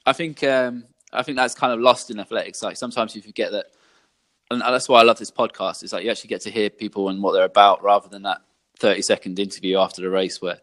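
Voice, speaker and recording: A young man speaks in a low-pitched, relaxed voice. He tells his stories loosely on a podcast, full of fillers and the odd swear word. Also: quick pace. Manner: laid-back storytelling, frequent fillers and swearing. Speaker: athlete guest. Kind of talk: casual podcast chat.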